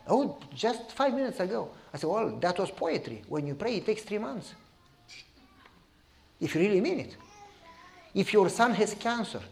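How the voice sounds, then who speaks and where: Animated preaching man with a Romanian accent. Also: sits high. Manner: animated, repeats "You follow me?". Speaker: pastor. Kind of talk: sermon storytelling.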